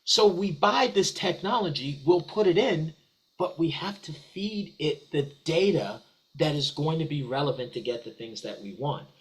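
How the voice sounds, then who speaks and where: A man's voice: a little high, moderate pace, a bit bright, poor audio. A man answering as a guest in a business webinar, talking eagerly with frequent restarts and repeated words. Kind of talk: conversational webinar discussion.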